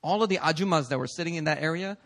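A male pastor delivering a conversational sermon in a church, animated and prodding the congregation with "okay?" and "right?". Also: a little high, very fast. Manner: acts out listeners' voices in quotes. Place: church sanctuary.

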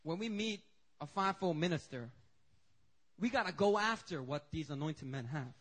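A male pastor preaching a sermon, telling stories in an animated, joking way. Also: on the high side, normal speed. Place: church service.

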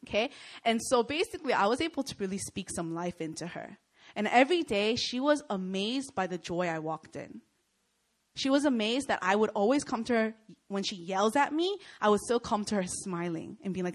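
A young woman delivers a sermon to a student audience, her voice sitting at a middle pitch. She tells her stories with lively energy and keeps pausing to check in with her listeners. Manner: animated storytelling, often checks in with "Okay?" and "Right?". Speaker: speaker at a Christian student gathering.

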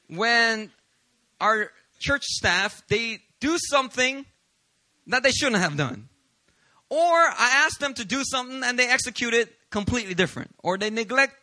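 A male pastor preaching a sermon, telling stories about himself with humor in an animated way. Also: extremely high pitch, no room sound. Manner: animated, confessional storytelling with humor.

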